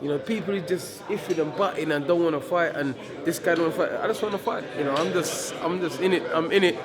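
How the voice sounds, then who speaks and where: Brash heavyweight fighter, defiant and repetitive, raised pitch over crowd chatter. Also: male voice, quick pace. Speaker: professional heavyweight boxer. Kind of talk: casual press interview.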